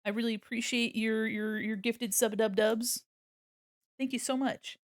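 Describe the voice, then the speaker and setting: A woman's voice: on the high side, fairly even intonation, moderate pace, dry recording, studio quality. An American woman with a neutral General American accent, chatting casually with viewers while drawing on stream, rambling and laughing often. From United States. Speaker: art streamer.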